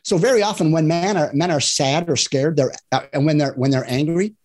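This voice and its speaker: A man with a slightly high, brisk, somewhat mellow voice works as a divorce and love coach. Talking earnestly in a casual podcast conversation, he explains things, acts out examples in other voices, and keeps checking in with "right?"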